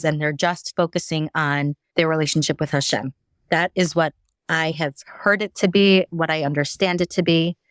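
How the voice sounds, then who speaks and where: A woman's voice: lowish voice, no echo, clean studio sound. A woman guest sharing a personal story in a candid, rambling way, with frequent restarts. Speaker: podcast guest.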